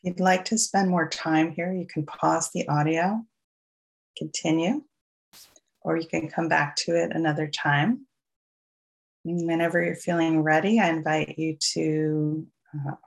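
A meditation teacher with a New York accent, guiding a slow, soothing loving-kindness meditation and gently inviting listeners along. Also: mid-range voice, fairly even intonation, gravelly.

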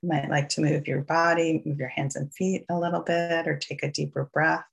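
A meditation teacher with a New York accent, guiding a slow, soothing loving-kindness meditation and gently inviting listeners along. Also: mid-range voice, level tone, vocal fry, slightly rough.

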